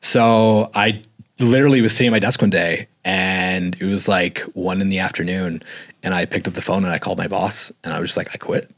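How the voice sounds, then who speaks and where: A man with a fairly low voice tells his story in a loose, conversational interview. He rambles and leans on "like" as a filler. He grows animated when he acts out what people said. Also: brisk. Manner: rambling, filler-heavy, says "like" often; animated when retelling dialogue. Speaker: guest.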